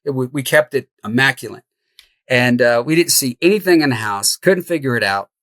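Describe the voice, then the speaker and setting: Middle-aged man telling a lively story. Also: medium pitch, fairly quick, no room sound. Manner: animated, laughs through the tale. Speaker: podcast guest, house flipper. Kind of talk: storytelling in an interview.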